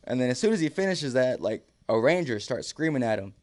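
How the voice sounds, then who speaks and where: This man, a guest on a podcast, spins a casual tale at a moderate pace with a mid-range voice. He performs the quoted lines with animation and laughs frequently.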